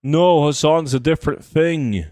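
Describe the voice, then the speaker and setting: Relaxed young man chatting on stream. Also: fairly high pitch, a little slow, no echo, clean studio sound. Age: 20s. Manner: relaxed, answering chat while gaming. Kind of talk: casual livestream chat.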